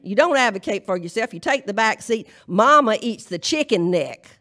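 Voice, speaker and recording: A woman's voice: medium pitch, lively intonation, moderate pace, pushed and bright. A woman minister with a Southern US accent, delivering a humorous, emphatic charge to a congregation at a live church service. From Southern United States. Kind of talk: folksy sermon-style charge.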